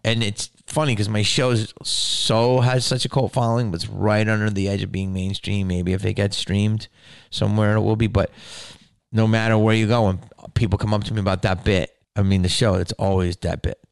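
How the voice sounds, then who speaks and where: Gravelly low-voiced man telling stories. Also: a little fast, no room sound, clean studio sound. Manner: swearing, animated, laughs often. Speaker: podcast host. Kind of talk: casual storytelling.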